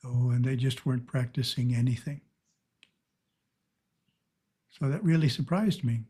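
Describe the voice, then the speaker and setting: A man giving a calm, measured spiritual teaching talk over a video call. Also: medium pitch, breathy edge.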